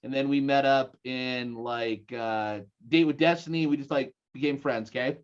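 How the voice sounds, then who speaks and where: A man in his forties with a Utah accent, giving an energetic seminar talk and rallying his listeners with questions. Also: medium pitch, moderate pace, smooth, lo-fi sound. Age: 40s. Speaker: guest speaker. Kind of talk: live seminar presentation.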